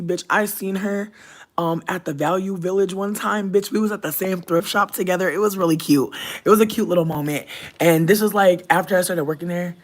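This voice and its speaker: Chatty, profane young streamer. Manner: chatty, profane storytelling with sudden loud high outbursts. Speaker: livestreamer reading chat. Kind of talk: casual livestream chat.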